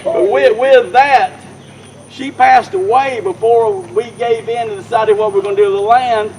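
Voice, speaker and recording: A man with a fairly high voice delivers a rambling, folksy dedication speech as mayor. He talks outdoors at a park ceremony, repeating himself and circling back to his point. Faint outdoor noise and passing vehicles sit under his voice. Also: steady tone, unhurried, darkish tone, low-quality recording. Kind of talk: informal public speech.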